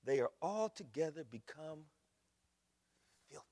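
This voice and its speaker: A man preaching a sermon as pastor, swinging from soft asides to loud shouting, mocking quoted voices along the way. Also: on the high side, expressive, measured pace. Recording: echoey hall recording.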